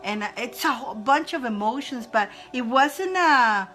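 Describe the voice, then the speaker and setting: Bright-voiced, effusive woman reader. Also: fairly high pitch, animated, unhurried. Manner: emotional and effusive, laughs often, talks straight to viewers. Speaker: spiritual reader, live-stream host. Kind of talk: live-stream spiritual readings for viewers.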